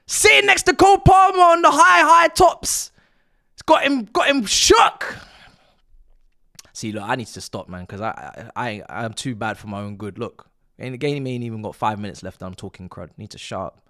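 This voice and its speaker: A young man streaming a football watch-along, excitedly yelling and exclaiming at every moment of the match. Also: medium pitch, moderate pace. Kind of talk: live reaction commentary.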